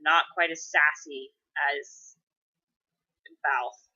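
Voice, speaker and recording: Woman, 30s, bright and sharp voice, swears often and rambles, lo-fi home webcam audio. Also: deep voice, steady tone, drawn-out words, breathy edge. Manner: profane, rambling, tangent-prone. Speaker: mother answering viewer questions. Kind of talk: casual vlog chat.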